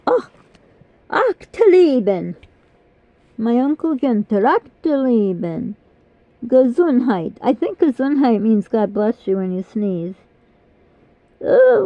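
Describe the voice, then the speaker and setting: An older woman with a fairly high, gravelly voice, chatting on her vlog in a rambling, apologetic way while her mouth hurts. The recording is dull, lo-fi and very dry. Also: no echo. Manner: rambling, apologetic, self-deprecating. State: mouth pain. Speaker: vlogger. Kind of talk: casual chat.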